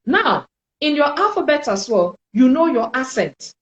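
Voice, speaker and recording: A woman with a fairly high voice leads a French lesson, slow and deliberate, repeating each sound so learners can follow. Her voice rings in an echoey room. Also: very animated, a bit bright. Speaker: French teacher. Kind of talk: spoken language lesson.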